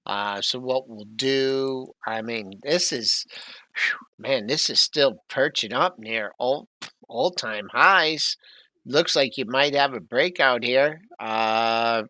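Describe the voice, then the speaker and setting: A man's voice: mid-range voice, takes it slowly, pushed and bright, no echo. A man co-hosting a live market talk show, rambling casually through price levels with asides.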